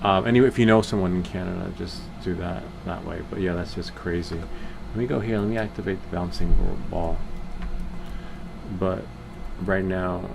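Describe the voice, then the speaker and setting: A man's voice: sits low, fairly even intonation, moderate pace, creaky, background noise. A man casually walking viewers through a screen-share tech video, chatty and rambling as he clicks along. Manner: rambling, chatty, laughs at his own stories.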